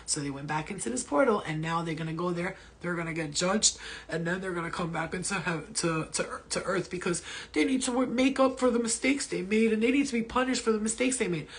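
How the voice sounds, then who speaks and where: A woman's voice: lowish voice, brisk. A woman healer answering viewer questions in a casual spiritual talk, blunt and profane, telling stories.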